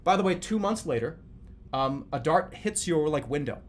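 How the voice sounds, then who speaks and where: A man in his thirties streaming live, chatting casually in a rambling, profane, animated way. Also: a little high, normal speed, a little hiss or hum. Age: 30s.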